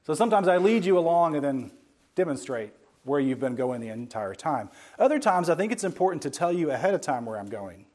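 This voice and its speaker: A man giving a sermon-style Bible lesson, speaking emphatically and slowing down to stress key words, with conversational asides to his listeners. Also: a little high, big pitch swings, darkish tone. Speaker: Bible teacher.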